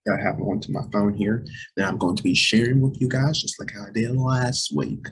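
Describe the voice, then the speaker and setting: A young man hosting a casual talk show, chatty and repetitive, speaking to viewers as "you guys", with a voice that cracks and drops deep. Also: normal speed, husky, low-quality recording. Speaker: host.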